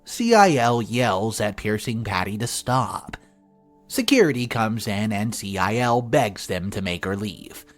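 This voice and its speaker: A man's voice: on the low side, lively intonation, a little slow, faint music behind. A man narrating an online family-drama story in a sarcastic, wry tone.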